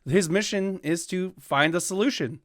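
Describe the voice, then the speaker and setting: Man, co-host, bright voice, voice call, laughs a lot. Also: high voice, normal speed. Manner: joking, laughs often. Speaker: podcast co-host. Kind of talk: casual chat. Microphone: remote call over voice chat.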